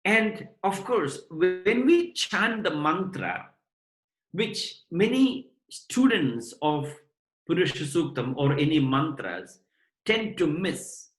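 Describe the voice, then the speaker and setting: A man giving a devotional lecture on scripture to his students, explaining point by point in a measured way. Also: on the high side, expressive, fairly bright tone. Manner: measured, explanatory, addresses listeners as brothers and sisters. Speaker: spiritual lecturer. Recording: roomy echo.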